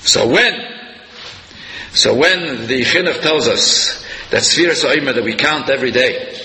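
A man giving a sermon-style Torah lecture, telling stories and jumping up in pitch for emphasis. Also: a little slow. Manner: animated storyteller, voice leaping up for emphasis. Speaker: rabbi giving a Torah class. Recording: echoey hall, faint room noise.

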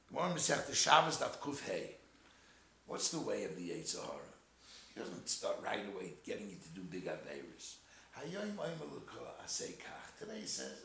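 Gravelly, animated man teaching Torah. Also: mid-range voice, a little hiss or hum. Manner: animated, mixes Hebrew and Yiddish terms into English. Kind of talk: Torah class, telling stories and explaining verses. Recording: roomy echo.

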